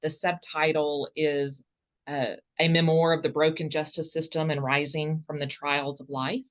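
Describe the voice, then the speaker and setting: A woman's voice: low voice, little pitch movement, unhurried, fairly bright tone, muffled recording. A woman with a Southern accent speaking earnestly as a podcast guest, often stopping and restarting her phrases. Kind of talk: casual interview answers.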